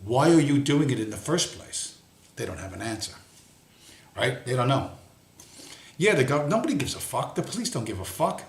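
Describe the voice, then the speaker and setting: A man's voice: mid-range voice, animated, fairly quick, a bit bright. A man hosting a livestream, giving an angry, profane monologue and swearing bluntly throughout. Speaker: livestream host. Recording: roomy echo.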